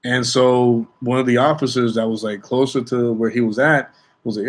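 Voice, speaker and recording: A young man chats casually about his job in airport security. He rambles a little, restarts his sentences and keeps checking in with his audience. His voice sits at an ordinary middle pitch. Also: fairly even intonation, normal speed. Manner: chatty, repeats "okay?" and restarts often. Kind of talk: casual storytelling vlog.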